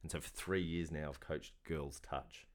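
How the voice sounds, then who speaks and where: A low-pitched man in his forties co-hosting a podcast. He chats in a loose, bantering way, often laughing. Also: steady tone. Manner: chatty, quick banter, laughs. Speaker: podcast co-host and junior sports coach. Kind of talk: casual chat.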